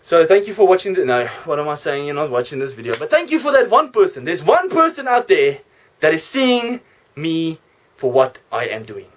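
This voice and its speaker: A man's voice: fairly high pitch, sing-song, moderate pace, slight background noise. A man vlogging in a rambling, jokey, self-correcting way. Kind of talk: rambling casual monologue.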